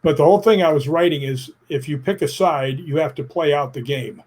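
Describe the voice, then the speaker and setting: A man's voice: a little high, a little fast. A middle-aged man being interviewed, telling stories in a plainspoken, emphatic way and acting out what people said. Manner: animated storyteller who acts out quotes; emphatic, plainspoken, casual swearing. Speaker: guest. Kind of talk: interview storytelling.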